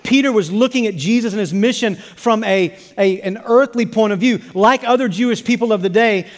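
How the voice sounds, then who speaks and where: A man's voice: sits high, fairly quick, long reverb tail. A male pastor preaching a sermon emphatically, repeating phrases and restarting words as he builds each point.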